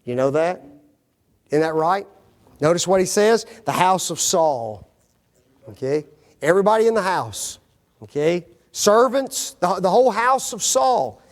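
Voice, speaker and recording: High, lively male Bible teacher. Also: normal speed. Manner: quizzes audience with fill-in questions; folksy, joking asides. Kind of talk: Bible study lesson.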